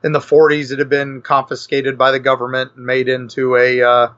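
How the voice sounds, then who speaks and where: A man's voice: medium pitch, completely flat delivery, brisk, fairly bright tone. A man, a guest author, telling a rambling, enthusiastic story in a casual podcast chat. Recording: lo-fi dull podcast audio.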